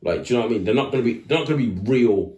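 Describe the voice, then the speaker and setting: A man co-hosting a podcast, telling a story in casual chat and acting out the people in it. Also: rapid-fire. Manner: animated storytelling, acts out voices with big pitch jumps. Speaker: podcast co-host. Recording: roomy echo.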